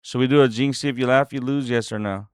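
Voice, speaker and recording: A man hosting a casual livestream, talking loud with slangy, joking banter into a desk microphone. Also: medium pitch, steady tone, brisk, smooth. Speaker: livestream host. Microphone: desk microphone being adjusted.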